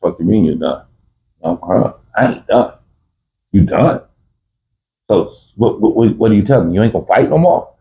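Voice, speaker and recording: A man's voice: on the low side, animated, moderate pace, gravelly, long pauses, narrow, tinny audio, a little hiss or hum. A man telling prison stories in casual talk, full of street slang and restarts, who acts out both sides of a fight in a raised voice. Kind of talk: casual storytelling.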